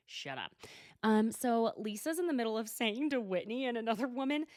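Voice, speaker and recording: A woman's voice: a little high, sing-song, moderate pace, a little mellow, no echo, clean studio sound. Giggly chatty woman with Oklahoma twang. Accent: Oklahoma Southern. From Oklahoma, USA. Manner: giggly, chatty, blunt, swears. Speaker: podcast host. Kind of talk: casual solo recap chat.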